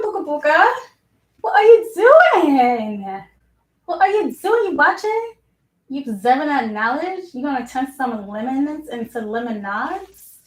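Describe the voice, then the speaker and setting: Young woman, casual self-help live stream, filler-heavy chat, highish voice, roomy echo, a bit off mic. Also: fairly bright tone, distant mic. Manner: chatty, lots of "like" fillers. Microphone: mic set in front of her.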